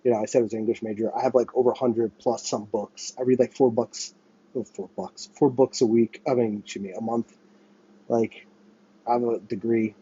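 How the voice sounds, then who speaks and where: In his small apartment, window AC running, an American vlogger rants to camera, cursing freely, rambling and cutting himself off. His husky, darkish voice is mid-range, steady, brisk and warm-toned, and the dry audio sounds slightly muffled, like cheap home gear.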